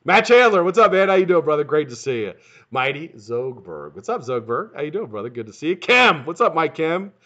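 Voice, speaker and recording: A man hosting his own live stream in casual, profane chat, greeting viewers by name and talking quickly. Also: on the high side, very animated, fairly bright tone, muffled recording.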